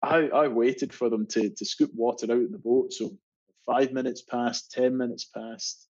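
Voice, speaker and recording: A man's voice: mid-range voice, a little slow, slightly rough. A man from Scotland, a marathon swimmer, telling stories as a podcast guest, with frequent laughs and restarts. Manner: animated storyteller, laughs often, many restarts. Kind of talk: casual storytelling interview. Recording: dull lo-fi sound.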